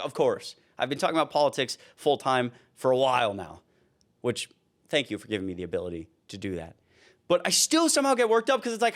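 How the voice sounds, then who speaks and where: A young man giving heated, casual political commentary, worked up and ranting. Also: fairly high pitch.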